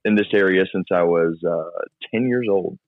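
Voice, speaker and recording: A man's voice: low-pitched, no room sound. A man with a Southern American accent, a youth and children's pastor, talking easily as a podcast guest. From southern United States. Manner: friendly, easygoing, quick to laugh. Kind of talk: casual interview. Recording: tinny phone-like call audio.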